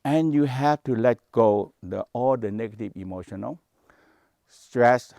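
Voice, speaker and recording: A man's voice: mid-range voice, measured pace, gravelly, mellow, dry recording, studio quality. A man teaching Taoist meditation practice, speaking English with non-native grammar in short, repeated phrases. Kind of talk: spoken teaching to a workshop.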